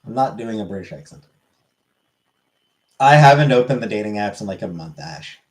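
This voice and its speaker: A man's voice: fairly low pitch, lively intonation, moderate pace, rough recording. A man on a live stream, casually answering questions from chat and swearing freely.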